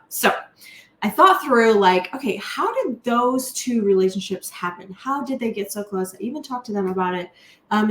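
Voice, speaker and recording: A woman giving an unscripted, chatty talk to camera as a team leader, with frequent fillers. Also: mid-range voice. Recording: echoey room.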